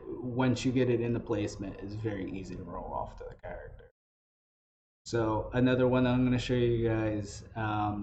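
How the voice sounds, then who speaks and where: A man's voice: fairly low pitch, a little mellow. A man hosting a casual tutorial, explaining loosely in a conversational way how to build character voices for tabletop games. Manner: explanatory, loose phrasing with restarts. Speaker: tabletop game master teaching voices. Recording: dull lo-fi audio with faint noise.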